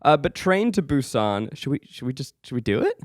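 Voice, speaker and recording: A man co-hosting a casual podcast, animated as he sums up the plot. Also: medium pitch, a little fast, a little hiss or hum. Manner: animated, gives the plot summaries. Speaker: podcast co-host.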